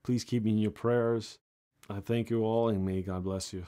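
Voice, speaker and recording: A man's voice: lowish voice, steady tone, normal speed, mellow. A man and amateur musician giving an earnest, devout personal testimony, speaking plainly as he tells his story and asks for support.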